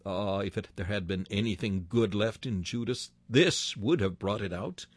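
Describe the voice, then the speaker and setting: A man's voice: on the low side, normal speed, no room sound. Solemn man reading a sermon. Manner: solemn, rising to emphatic declamation; old-fashioned, formal scriptural phrasing. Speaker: preacher.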